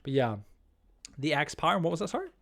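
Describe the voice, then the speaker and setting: A man's voice: a little high, sing-song, a little fast, vocal fry, fairly bright tone. A young man streaming a building game, chatting casually with his viewers and stumbling over his words with lots of fillers. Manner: chatty, reads chat aloud, many fillers and restarts. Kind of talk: live-stream chat while playing.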